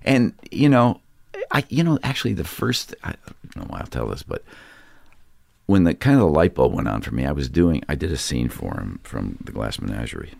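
Deep, gravelly man telling stories. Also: very animated, a little fast, darkish tone, no room sound. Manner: anecdotal, laughs often, voices others in stories. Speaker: actor guest. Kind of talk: casual storytelling chat.

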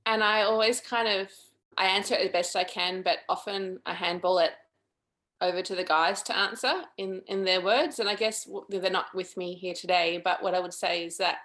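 A woman's voice: fairly low pitch, steady tone, normal speed, a bit bright. A woman filmmaker being interviewed, speaking in a thoughtful, earnest and chatty way. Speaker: documentary filmmaker, guest. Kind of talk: interview conversation.

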